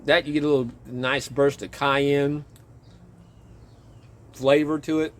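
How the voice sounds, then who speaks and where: A man's voice: medium pitch, level tone, slow pace. Rambling, chuckling man in a backyard. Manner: rambling, chuckling, self-interrupting. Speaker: vlogger and home gardener. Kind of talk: casual outdoor vlog. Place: backyard garden, outdoors.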